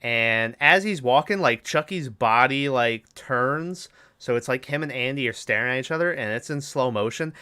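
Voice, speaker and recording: A man's voice: mid-range voice, lively intonation, normal speed, few pauses, sharp tone, smooth. A man hosting a podcast, recapping a film in a rambling, casual way, swearing and acting out lines. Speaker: podcast host.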